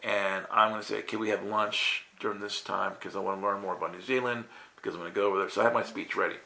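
A man's voice: fairly low pitch, steady tone, quick pace, creaky, bright, forceful tone, low-quality recording. A man telling a casual personal testimony as a guest minister, chatty and self-interrupting, often checking in with "right?".

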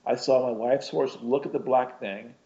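Man, casual storyteller, rambling and self-interrupting with chuckles, middle pitch, dull lo-fi recording. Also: steady tone, normal speed, warm tone.

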